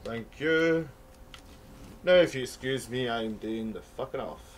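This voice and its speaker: A man's voice: mid-range voice, unhurried, a little hiss or hum. A young man with a Glaswegian accent giving sweary, rambling commentary while playing a video game. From Scotland. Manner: sweary, rambling, mock-outraged. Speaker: gamer. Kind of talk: let's play commentary.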